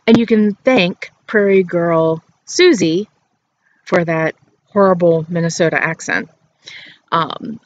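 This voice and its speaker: A woman hosting a knitting podcast outdoors, chatting playfully about her work and laughing often. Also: on the low side. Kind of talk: casual show-and-tell chat. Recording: dull outdoor recording with faint background noise.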